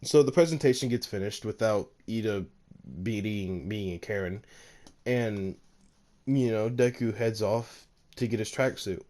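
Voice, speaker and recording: A man's voice: on the low side, unhurried, mellow. A man casually narrating a fan-made story, rambling with lots of fillers and laughing at his own slips.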